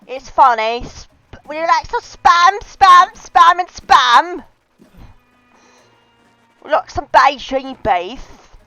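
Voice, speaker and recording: A woman putting on a loud comic British man in drag as a woman, shrill and exaggerated in a mock British accent. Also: lively intonation, extremely slow, long pauses, no echo, soft background music, heavily acted.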